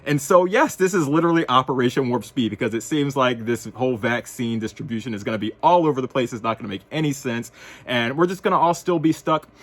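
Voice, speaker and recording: A man's voice: medium pitch, fast. A man from the United States, giving wry, sarcastic opinion commentary in a casual vlog. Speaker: vlogger.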